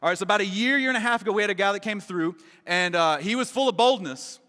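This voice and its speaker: A man's voice: high-pitched, quick pace, sharp tone. A man from Kentucky preaching a casual, joking sermon as a church pastor, full of "right?" and "man". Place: large church auditorium. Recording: long hall reverb.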